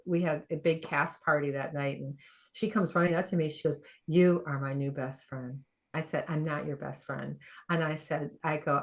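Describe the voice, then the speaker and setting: Her voice sits low as this middle-aged functional medicine practitioner recounts a story in a chatty way, lively throughout, dramatizing the dialogue and laughing a lot.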